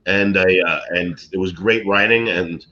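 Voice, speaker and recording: A man's voice: low voice, steady tone, measured pace, bright, forceful tone. A man, an actor and comedian from Brooklyn, telling rambling showbiz stories in casual chat with many fillers and restarts. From Brooklyn, USA. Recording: dull lo-fi sound.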